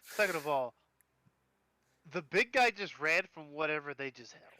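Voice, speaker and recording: Joking guy player, bright slightly high voice, dry mic. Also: animated, normal speed, no room sound. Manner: joking, teasing. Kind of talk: casual chat.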